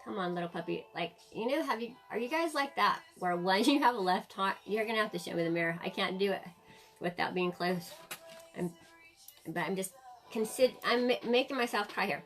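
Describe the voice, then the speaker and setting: A woman's voice: medium pitch, expressive, a little fast, faint music behind. A woman in her forties hosting a casual live-stream makeup tutorial, chatting to viewers and laughing often. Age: 40s.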